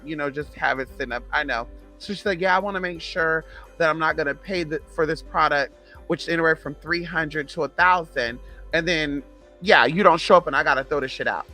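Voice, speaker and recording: A woman in her thirties telling a sassy, profane storytime in casual vlog chat, animated and gossipy. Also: fairly low pitch, brisk, faint music behind. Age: 30s. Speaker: vlogger.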